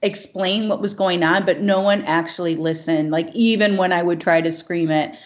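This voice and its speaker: A woman's voice: on the low side, fairly even intonation, moderate pace. A woman in casual podcast conversation, speaking earnestly and emphatically, often saying "like".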